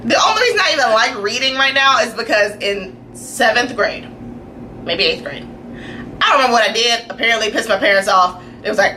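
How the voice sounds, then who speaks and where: A woman's voice: on the high side, lively intonation, fairly quick, pushed and bright. A young woman co-hosting a casual chat show, telling family stories with lots of laughter and acted-out voices. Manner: laughing storyteller, acts out family members. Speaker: podcast co-host. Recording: audible background noise.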